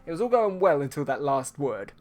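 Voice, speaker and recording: A man's voice: a little high, big pitch swings, a little fast, soft background music. A man from England, chatting casually with his livestream viewers, teasing and swearing with a laugh. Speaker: streaming artist.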